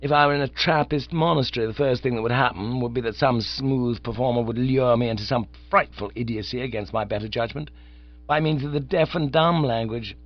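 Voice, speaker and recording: A man reading an audiobook in scripted narration with a wry, lively manner. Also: mid-range voice, a little fast. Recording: dull, dry audiobook recording.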